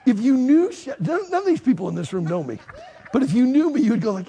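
A man preaching, telling a funny personal story with self-mockery and bursts of shouting and laughter. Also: sits high, normal speed, vocal fry. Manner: animated, self-mocking storyteller who shouts and laughs at the climax. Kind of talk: storytelling sermon. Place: hall with a live audience.

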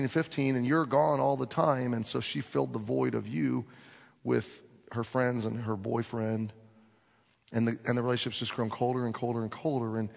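Man in a pulpit, husky gravel in the voice, telling a story with lots of acted dialogue, long hall echo. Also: mid-range voice. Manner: animated storyteller acting out dialogue. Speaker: pastor. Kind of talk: sermon storytelling. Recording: long reverb of a large hall.

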